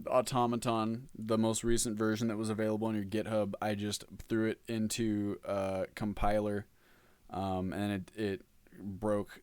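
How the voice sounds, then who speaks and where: A male streamer chats loosely while he works, drifting between topics and answering his viewers' messages. His voice is deep and clear. The recording is close and dry. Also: a little mellow, no echo. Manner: rambling, reads chat aloud, hums while working. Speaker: modlist developer streamer. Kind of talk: casual livestream chat.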